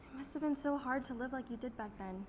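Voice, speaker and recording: A woman's voice: high voice, quick pace, slight background noise, natural voice. A young woman playing an affectionate Filipina daughter who talks earnestly and tearfully. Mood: emotional. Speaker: daughter in a stage scene. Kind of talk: student theater acting.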